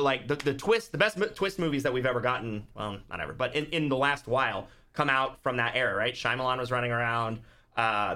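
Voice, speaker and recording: A man's voice: medium pitch, sharp tone. A man guest on a podcast, talking casually and acting out movie scenes in quoted voices. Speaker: podcast guest, YouTuber and author. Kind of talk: casual chat.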